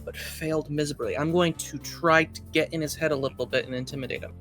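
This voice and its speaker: A man playing a tabletop role-playing game, speaking quietly and casually. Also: on the high side, steady tone, quick pace, soft background music. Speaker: player.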